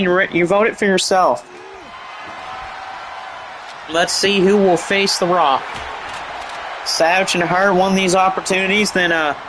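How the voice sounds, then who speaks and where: A man giving excited, rambling play-by-play commentary over a wrestling game, with chatty asides. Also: sits high, background noise.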